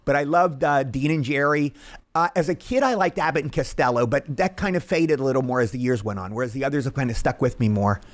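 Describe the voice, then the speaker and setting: A man in his sixties, an actor telling anecdotes as an interview guest, rattling along and acting out quotes. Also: mid-range voice. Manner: rapid, rattling delivery with acted-out quotes. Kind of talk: anecdotal storytelling.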